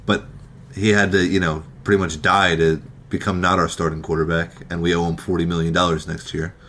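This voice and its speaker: A man's voice: low voice, little pitch movement, a little fast, fairly bright tone, a little hiss or hum. A man co-hosting a casual sports podcast, sarcastic and self-deprecating. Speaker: podcast co-host.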